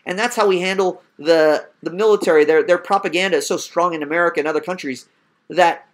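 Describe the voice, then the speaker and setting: A man with a high voice argues his points in a casual podcast chat. He talks emphatically and builds his case with repeated phrases. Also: quick pace. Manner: emphatic and argumentative. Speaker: podcast host. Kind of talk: casual discussion.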